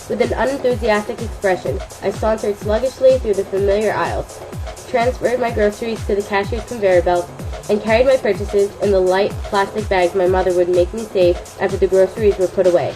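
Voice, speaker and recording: A young woman reads her memoir aloud in a steady, careful voice at an ordinary mid-range pitch. Her scripted narration sits over clearly audible background music. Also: low-quality recording. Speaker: student reading her memoir.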